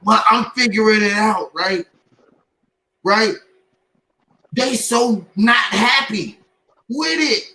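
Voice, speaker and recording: A man in casual podcast chat, telling stories in an animated way and acting out what others said to him. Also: high voice, slow, pauses often, low-quality recording.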